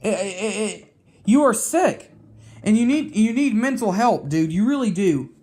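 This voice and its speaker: High-voiced man in a profane, heated rant. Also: expressive, a little slow, a little mellow, soft background music. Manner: heated, profane, repeats and restarts words. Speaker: vlogger. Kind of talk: angry rant to camera.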